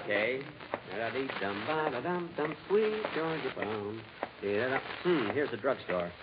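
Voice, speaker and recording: A man hosting a 1940s radio comedy, breezy, humming to himself and quick to comic exasperation. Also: medium pitch, lo-fi sound. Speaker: comedy show host. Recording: scratchy old radio recording with loud studio audience.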